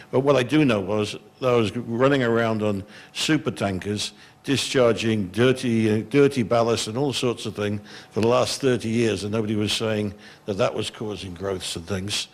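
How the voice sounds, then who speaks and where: Blunt middle-aged Englishman on a panel. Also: on the low side. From England. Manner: blunt, exasperated, frank. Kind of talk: panel discussion answer. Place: conference hall.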